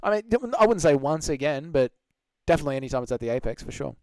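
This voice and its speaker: A man's voice: mid-range voice, animated, fast, a little mellow, clean tone, no echo. A young Australian man hosting a casual live Q&A, reading out chat and joking crudely with lots of swearing. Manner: crude, joking, swears a lot, laughs often. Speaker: livestream host.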